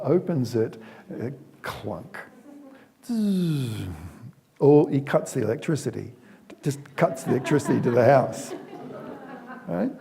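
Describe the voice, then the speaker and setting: A man's voice: fairly high pitch, gravelly, warm tone. A man giving a talk on parenting, telling stories in a conversational way with frequent restarts and acting out the scenes he describes. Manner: acts out the scenes he retells. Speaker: speaker on parenting. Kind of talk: storytelling talk to an audience.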